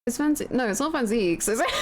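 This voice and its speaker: A woman's voice: high-pitched, noisy background. A woman streaming a game playthrough, reacting with laughter and incredulous exclamations. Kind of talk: live game playthrough commentary.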